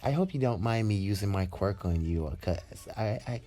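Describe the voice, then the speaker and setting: A man voicing a kind, cheerful teenage girl hero in a fan-made storybook, speaking in a friendly, softer put-on voice. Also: on the low side, expressive, moderate pace, faint music behind, natural voice.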